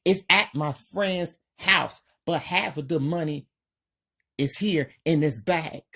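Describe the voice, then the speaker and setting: A man voicing a panicked, wounded male gangster, yelling in shocked outbursts. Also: a little high, slow, creaky, breathy edge, pitched above the performer's own voice, exaggerated voice. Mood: frantic.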